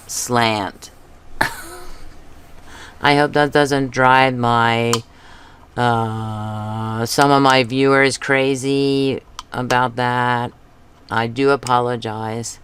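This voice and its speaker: A woman hosting a craft video, chatting casually as she paints, thinking aloud and talking to herself with soft chuckles. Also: extremely low pitch, slight background noise. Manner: soft chuckles between remarks.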